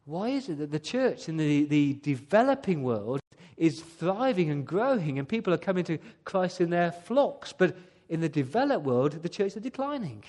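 A man's voice: on the high side, sing-song, moderate pace, few pauses, a little mellow. A man preaching a sermon to his church, earnestly putting rhetorical questions to the congregation. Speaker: pastor. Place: church service.

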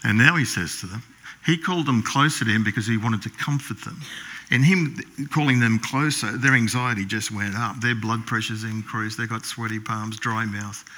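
A male pastor preaches, retelling the story vividly and dropping into a hushed voice for the characters. His voice sits fairly low but sounds bright and forceful, and he clears his throat now and then. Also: moderate pace. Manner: storytelling, acts out the brothers' lines in a hushed voice. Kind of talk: sermon.

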